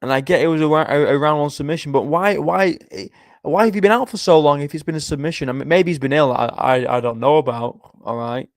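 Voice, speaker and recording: A man's voice: a little high, brisk, dry recording, clean studio sound. A tired young man hosting a live stream, chatting casually, swearing often and reading out viewer comments. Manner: chatty, swears often, reads chat aloud. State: tired, yawning. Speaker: livestream host making fight predictions. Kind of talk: casual chat.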